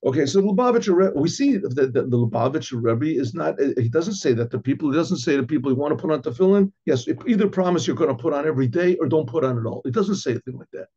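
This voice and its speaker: Middle-aged rabbi man, husky voice a bit on the high side, chatty class, keeps restarting and clearing his throat. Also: lively intonation, quick pace, hardly any pauses, dark tone. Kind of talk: informal Torah class. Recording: dull lo-fi recording.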